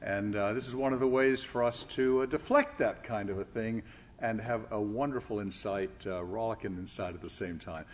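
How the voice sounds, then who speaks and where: A man acting as host, introducing a speaker in a relaxed way with fillers. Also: fairly low pitch, moderate pace. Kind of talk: talk introduction.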